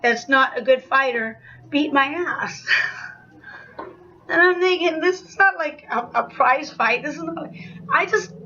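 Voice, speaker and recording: A young woman telling a personal story to camera in a casual, animated way, full of "like" and acted-out quotes. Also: high-pitched, dull audio, a little hiss or hum. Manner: animated retelling, acts out quoted shouts, frequent "like" fillers.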